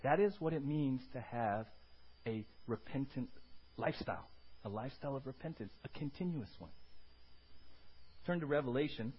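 A male pastor preaching a sermon, animated, swinging between loud emphasis and quiet low asides. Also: normal speed, pauses often, dull audio.

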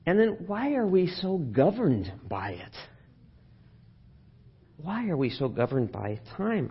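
Husky pastor preaching conversationally. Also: male voice, mid-range voice, highs cut off. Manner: conversational, asks the congregation questions. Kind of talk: sermon. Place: church sanctuary.

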